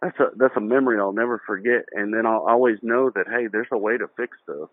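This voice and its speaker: A middle-aged man telling childhood stories in a casual interview, animated, acting out voices and laughing as he goes. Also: on the low side, fast talker, no room sound. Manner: animated, acts out quoted voices, laughs through his own story. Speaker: guest. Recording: dry, tinny phone-like audio.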